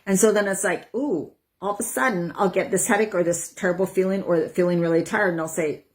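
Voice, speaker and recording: A woman over forty, a wellness coach, talking casually to her viewers, chatty and acting out her own inner voices with breathy sighs. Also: lowish voice, fairly even intonation, quick pace. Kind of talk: casual talk to camera.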